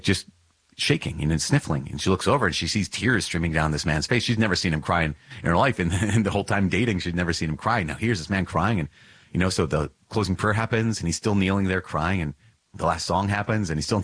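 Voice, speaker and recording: Husky deep-voiced man, earnest podcast reflection. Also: no echo. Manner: earnest, emphatic, with repeats and restarts. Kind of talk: reflective catechism commentary.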